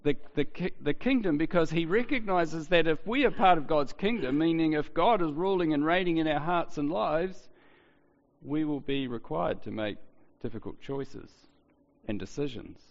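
A man preaching a sermon in a relaxed, conversational way, asking rhetorical questions and often restarting his sentences. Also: a little high, normal speed. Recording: dull, lo-fi, long hall reverb.

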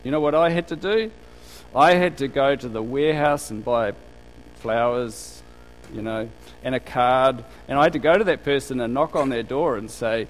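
A man's voice: mid-range voice, normal speed, a little hiss or hum, low-quality recording. A man preaching a conversational sermon in a church, asking the congregation rhetorical questions and acting out what people say. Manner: acts out quoted speakers in a livelier voice. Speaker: pastor.

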